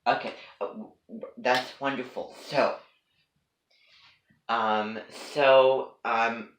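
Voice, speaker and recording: A man's voice: mid-range voice, fairly bright tone. Rambling, hesitant man in an echoey room. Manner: hesitant, full of ums and restarts. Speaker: vlogger. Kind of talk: rambling one-sided chat to camera.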